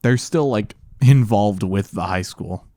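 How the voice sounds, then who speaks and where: A man's voice: fairly low pitch, measured pace, warm tone, no room sound, clean studio sound. A young man co-hosting a casual podcast chat, rambling and restarting his sentences. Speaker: podcast co-host.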